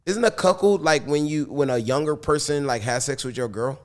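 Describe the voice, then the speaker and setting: A man's voice: on the high side, normal speed. A man chatting as a guest on an interview show, laid-back and joking, often laughing. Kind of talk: casual interview chat.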